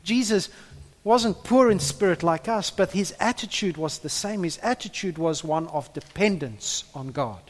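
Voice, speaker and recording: A man preaching a sermon, earnest, building to loud impassioned peaks and repeating his words as he goes. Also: high-pitched, lively intonation, normal speed. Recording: echoey hall with long reverb.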